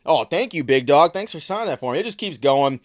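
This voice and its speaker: A man's voice: on the high side, animated, fast. A man giving sarcastic, profane commentary on trading card listings in a casual vlog.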